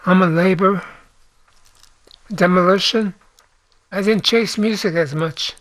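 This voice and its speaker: High-voiced older man, halting. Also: a bit bright, dry recording. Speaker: interviewee. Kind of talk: reflective interview answers.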